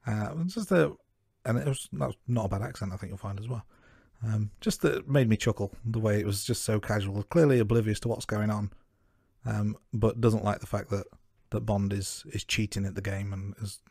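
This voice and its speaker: A man with a fairly low voice walks through his notes on a film in a measured, casual podcast chat. The sound is dry and close, with almost no room behind him. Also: darkish tone, dry recording. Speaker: co-host of a film review podcast.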